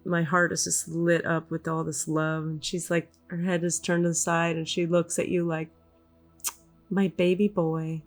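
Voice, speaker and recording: A woman hosting a podcast, speaking softly and reflectively, with frequent hums and sighs as she channels a spirit. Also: on the low side, completely flat delivery, moderate pace, hardly any pauses, soft background music. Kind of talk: casual podcast talk.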